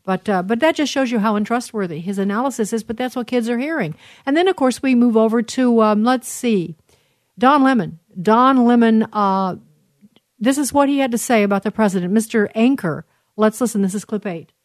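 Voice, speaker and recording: Rambling talk host, dry close sound. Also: female voice, fairly high pitch, brisk, dry recording. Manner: rambling, many fillers and restarts. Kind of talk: talk radio commentary on clips.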